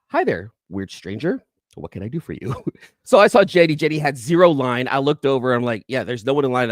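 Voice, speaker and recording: A YouTube comic collector with a fairly low voice hosts a casual comic-book haul vlog in a clean, dry studio recording. He rambles, interrupts himself with many restarts, and throws in quick asides to viewers in live chat.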